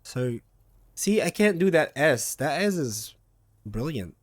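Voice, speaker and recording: A man's voice: fairly high pitch, big pitch swings, slow. A man streaming a video game live, thinking aloud and joking as he plays, sometimes copying the characters' lines. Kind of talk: live gameplay commentary. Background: game music.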